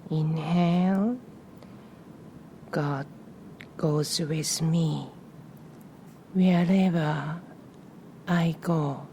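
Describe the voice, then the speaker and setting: A woman leads a live guided meditation in a soft, unhurried way. Her voice sits a little low and sounds warm and relaxed. She repeats calm cues with long pauses between them, and her phrases often fade into a breathy whisper. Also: slight background noise. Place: live session in front of a small audience.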